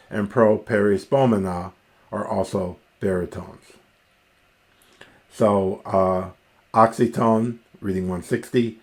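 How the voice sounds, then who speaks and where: A man teaching a recorded Greek grammar lesson, sounding out Greek words slowly and carefully, with a dry aside now and then. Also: on the low side, a little mellow.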